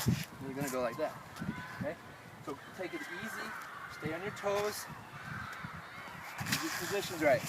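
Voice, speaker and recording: A man coaching a group in discus throwing outdoors, explaining each step patiently and often asking if it makes sense. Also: high voice. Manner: patient, step-by-step, checks understanding. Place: outdoor athletic field. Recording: distant voice in loud outdoor noise.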